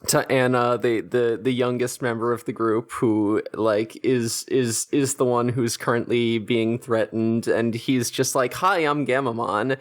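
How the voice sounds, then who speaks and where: A man's voice: medium pitch, little pitch movement, unhurried, hardly any pauses. A man co-hosting an anime podcast, sardonic and loose with swearing, recapping the plot at length. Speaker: podcast co-host. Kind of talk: casual chat about an anime episode.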